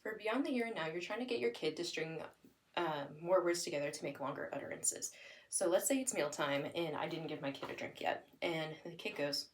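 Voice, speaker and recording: A woman's voice: low-pitched, normal speed, far from the mic, rough recording. Woman explaining child language strategies, a bit off-mic. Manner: explains plainly, then acts out lively sing-song examples for a child. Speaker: demonstrator of listening and spoken language strategies. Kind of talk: instructional explanation with acted parent-child examples.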